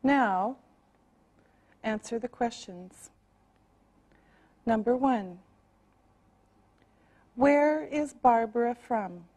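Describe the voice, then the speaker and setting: Very slow, deliberate woman teacher. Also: on the high side, darkish tone. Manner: slow, deliberate, clearly spaced. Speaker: English teacher. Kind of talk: slow quiz reading for learners.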